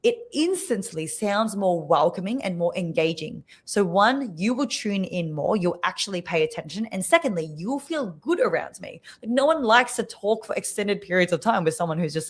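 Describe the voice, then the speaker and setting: A woman speaking coach, a podcast guest on a video call, explaining clearly and showing examples with her voice. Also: on the low side, normal speed. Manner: expressive, demonstrates voices while teaching.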